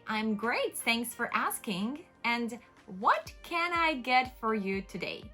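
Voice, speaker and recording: A woman's voice: on the high side, big pitch swings, slow pace, sharp tone, faint music behind, heavily acted. Woman playing a cheerful coffee shop server. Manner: upbeat, polite customer-service patter.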